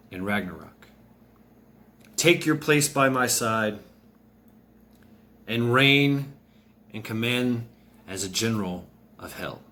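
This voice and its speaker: A man's voice: mid-range voice, a bit bright, natural voice. A man voicing a half-corpse goddess who rules the dead, imperious and resentful, giving orders.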